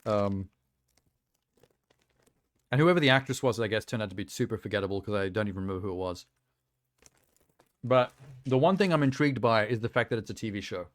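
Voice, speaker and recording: A man's voice: fairly low pitch, animated, brisk, pauses often, dry recording. A man streaming casual reaction chat, rambling and offhand with lots of fillers, talking around a sour lolly in his mouth.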